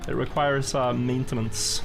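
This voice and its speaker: A man's voice: medium pitch, fairly even intonation, unhurried, gravelly, background noise. A young man from Norway, a native Norwegian speaker, chatting casually with his live chat while he plays a game. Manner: chatty and self-amused, answers chat questions. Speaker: streamer.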